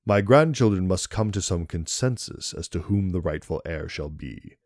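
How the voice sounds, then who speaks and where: A man's voice: sits low, expressive, a little mellow, no room sound, studio quality. A man doing a stern old steward reading a will. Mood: formal. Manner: slow, measured, formal reading.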